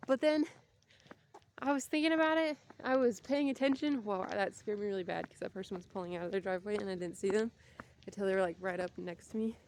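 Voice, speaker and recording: A woman's voice: medium pitch, fast talker, darkish tone, a little hiss or hum. Breathless rambling woman walking outdoors. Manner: chatty, rambling, tangents. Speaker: vlogger. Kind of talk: casual walking vlog.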